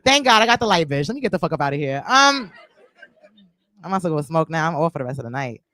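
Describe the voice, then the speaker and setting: A woman's voice: deep voice, very animated, fast, a bit bright. A woman with a New York accent doing a raunchy stand-up set on a club stage. Her voice swings widely up and down as she teases the crowd. The sound is close and dry, with little room echo. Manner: crude, loose and teasing with the crowd. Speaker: stand-up comedian.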